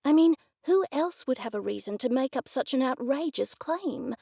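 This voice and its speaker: Woman, audiobook narrator, first-person mystery, measured and expressive, fairly high voice, dry close sound. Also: gravelly, no echo.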